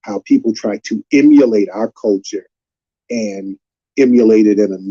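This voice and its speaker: Dark husky man lecturing on a stream. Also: lowish voice, normal speed, dull audio. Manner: emphatic, repetitive lecturing. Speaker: live-stream host. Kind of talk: live-stream commentary.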